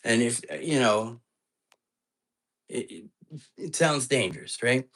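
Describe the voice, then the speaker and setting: A man with an expressive, mid-range voice and a fairly bright tone speaks slowly on a low-quality recording. Hosting a live ghost-hunting stream, he casually retells a phone call, sounding earnest and anxious and restarting often as he rambles.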